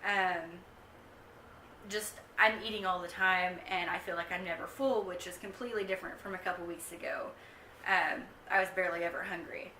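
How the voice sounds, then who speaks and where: Young woman vlogger, casual rambling chat, bright tone, roomy distant camera sound. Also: lowish voice, steady tone, moderate pace, a little hiss or hum. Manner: chatty, rambling with frequent ums. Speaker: vlogger giving a pregnancy update. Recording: echoey room, mic set back.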